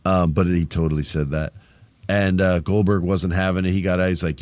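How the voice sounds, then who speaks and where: A man's voice: deep voice, fairly even intonation, a little fast, darkish tone, no echo. A man hosting a wrestling podcast, joking around and laughing easily in casual banter. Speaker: podcast host. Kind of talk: casual chat.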